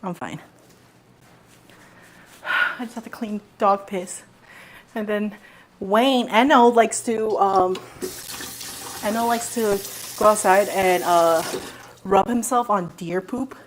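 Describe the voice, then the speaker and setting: A woman's voice: mid-range voice, takes it slowly, pauses often, a little hiss or hum, low-quality recording. A woman streamer chatting casually to her audience, rambling, swearing freely and talking to herself. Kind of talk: casual live-stream chat.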